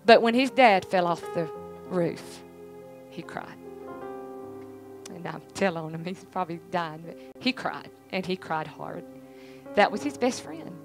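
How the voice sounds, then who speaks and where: A woman's voice: fairly low pitch, animated, measured pace, pauses often, over music, poor audio. A middle-aged woman giving an earnest, emphatic church testimony, repeating herself for weight. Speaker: church speaker, pastor's family.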